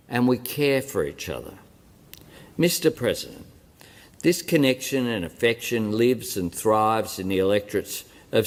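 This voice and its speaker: A lower-voiced Australian man addresses a parliament chamber with a formal, carefully paced speech. He breaks his sentences into short, deliberate phrases. The large hall leaves a long reverb trailing behind each line. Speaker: head of government addressing parliament.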